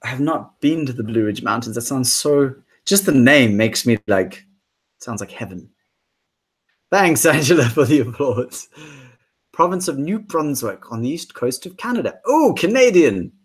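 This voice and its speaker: A man with a husky, medium-pitched voice hosts a casual musician's livestream at normal speed, his pitch swinging widely. He chats in a rambling way and reads out viewer comments.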